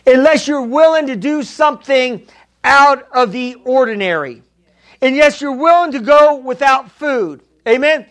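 A man's voice: very high voice, unhurried, a bit bright. A man preaching a sermon as pastor, emphatic and repetitive, calling out to the congregation. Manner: emphatic preaching, repeats key lines, calls to congregation.

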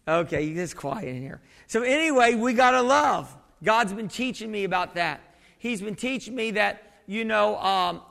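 Man, pastor, conversational sermon, bright forceful tone, reverberant church hall. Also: high-pitched, gravelly. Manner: conversational preaching with many restarts and questions to the congregation. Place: church sanctuary.

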